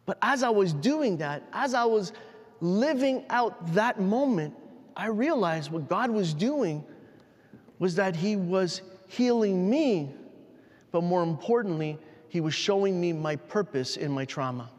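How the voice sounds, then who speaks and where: A man preaching a sermon, telling a personal story in a halting, emotional way with frequent restarts. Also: high voice, lively intonation. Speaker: pastor. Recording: long hall reverb.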